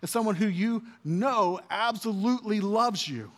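A man's voice: sits high, normal speed. A man in his thirties preaching an earnest, conversational sermon as a pastor. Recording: long hall reverb.

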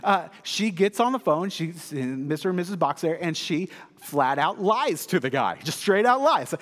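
A male pastor giving a sermon in a church, telling stories with lively humor. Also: fairly high pitch, fairly quick. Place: church sanctuary. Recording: long hall reverb.

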